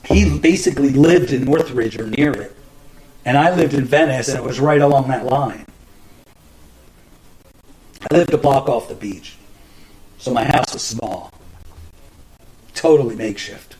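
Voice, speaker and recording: A man's voice: mid-range voice, unhurried, pauses often, a little mellow, poor audio. Rambling, cursing man telling stories. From New Jersey. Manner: rambling, profane, many restarts and fillers. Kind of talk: casual storytelling monologue.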